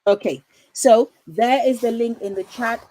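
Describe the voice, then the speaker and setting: A woman hosts a casual parenting livestream from home, her voice a little high and dark-toned, her pace unhurried, over poor audio. She is chatty and reassuring and often puts questions to her viewers.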